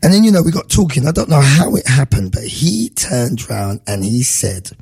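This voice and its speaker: Gravelly, animated male radio presenter. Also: medium pitch, normal speed. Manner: animated, emotional storyteller who acts out voices. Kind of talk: casual storytelling on air.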